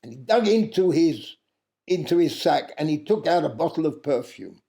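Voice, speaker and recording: A man recounting an old folk tale with a gravelly, somewhat high voice. He takes his time and pauses between phrases. His tone is mellow, and he breaks off now and then to correct himself. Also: very animated. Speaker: storyteller. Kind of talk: oral storytelling of a traditional tale.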